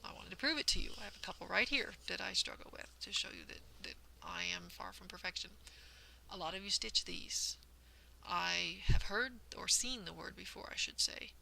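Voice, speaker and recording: Very gravelly woman, careful explainer. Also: lowish voice, moderate pace, bright, forceful tone, slight background noise, poor audio. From United States. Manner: careful, explanatory, self-deprecating. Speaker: host of a cross-stitch vlog. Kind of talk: casual vlog chat.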